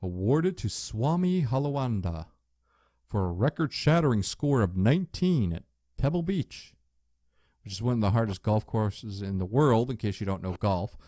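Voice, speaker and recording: A man casually commenting as he plays an old adventure game, relaxed and chatty, with jokey asides. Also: on the low side, normal speed, dry recording, clean studio sound. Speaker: let's play host.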